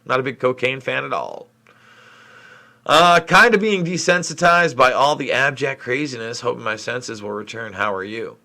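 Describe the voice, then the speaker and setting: Man, middle-aged, from New York State, livestream host, frustrated rambling delivery, bright forceful voice. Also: mid-range voice, moderate pace. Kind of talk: live Q&A stream reading chat.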